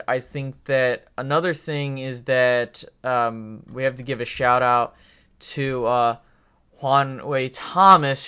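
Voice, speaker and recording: A man's voice: medium pitch, sharp tone, smooth. A man hosting a live sports talk stream, giving rambling, opinionated takes with frequent fillers, restarts and casual swearing. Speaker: podcast host.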